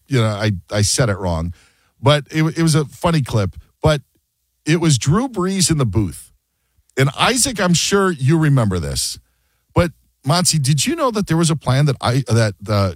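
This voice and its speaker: A man's voice: medium pitch, dry recording. A man hosting a sports radio show, chatting casually and joking, often mimicking other people mid-story.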